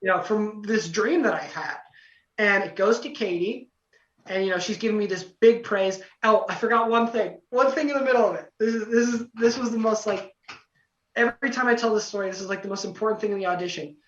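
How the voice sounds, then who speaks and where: A young man telling a story as a podcast guest, excited and rambling, full of fillers. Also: sits high, fairly quick. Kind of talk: casual storytelling. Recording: roomy, distant, dull lo-fi podcast audio.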